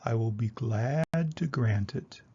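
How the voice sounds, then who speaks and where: An older man reading aloud and voicing a big male wolf who groans slowly about his aching stomach. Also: warm tone, slightly rough, dull audio. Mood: solemn. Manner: low, groaning, slow.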